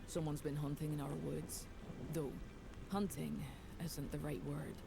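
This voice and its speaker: An actress playing a stern, grieving village huntress in a video game, speaking gravely and bluntly. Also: female voice, low voice, level tone, measured pace. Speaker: game character. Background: game music.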